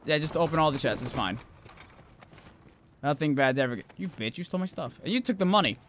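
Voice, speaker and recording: A young man commentating a video game with loud outbursts, heavy swearing and self-mocking asides. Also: on the high side, expressive, fast, slight background noise. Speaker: gameplay commentator. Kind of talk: swearing, excitable let's-play commentary.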